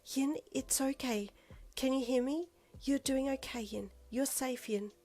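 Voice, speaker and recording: High, sweet-voiced caring young heroine as a woman reads her lines, gentle and encouraging, fan fiction read-aloud. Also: steady tone, a little slow. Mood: soothing.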